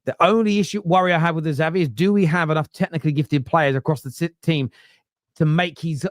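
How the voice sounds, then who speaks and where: Man, football podcast host, stumbling, animated, slightly high pitch, dry. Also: quick pace, no room sound. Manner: animated, stumbling over words. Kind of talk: casual fan podcast chat.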